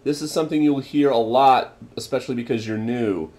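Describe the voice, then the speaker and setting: A man's voice: mid-range voice, fairly quick, darkish tone. A young man in a casual vlog, explaining everyday phrases with many ums and repeating each phrase for practice. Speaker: vlogger teaching Japanese phrases.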